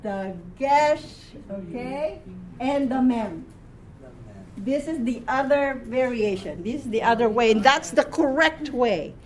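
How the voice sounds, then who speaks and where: A woman leads a classroom reading lesson, patient and methodical as she quizzes students one word at a time. Her voice sits a little high, and she takes her time. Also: expressive, slow. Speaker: Hebrew reading teacher.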